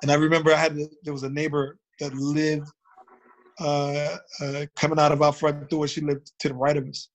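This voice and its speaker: Rambling man from Baltimore, higher voice. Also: monotone, normal speed. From Baltimore, United States. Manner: rambling storytelling, full of "you know". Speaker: drummer, guest. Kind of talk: casual interview chat.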